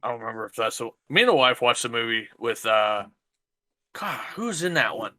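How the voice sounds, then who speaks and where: A married man co-hosting a casual podcast, speaking bluntly and deadpan, often trailing off mid-sentence. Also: medium pitch, fairly quick. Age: adult, married. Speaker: podcast co-host.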